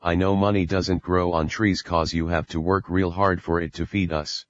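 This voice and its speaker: A man reading the part of a scared four-year-old boy who answers quietly and apologetically, in a dull lo-fi recording. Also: sits low, level tone, moderate pace, lightly acted. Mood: timid.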